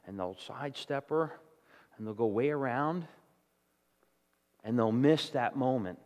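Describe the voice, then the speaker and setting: A man's voice: medium pitch, big pitch swings, normal speed, a little mellow, long reverb tail. A man preaching a sermon to his congregation, talking conversationally and often checking in with "okay?" and "all right?". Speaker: pastor. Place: church hall with congregation.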